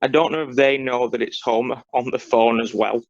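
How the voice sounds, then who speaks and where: A man's voice: medium pitch, steady tone, fairly quick, muffled recording. A man co-hosting a podcast, talking casually in long, detail-minded explanations. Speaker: podcast co-host. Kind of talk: casual chat.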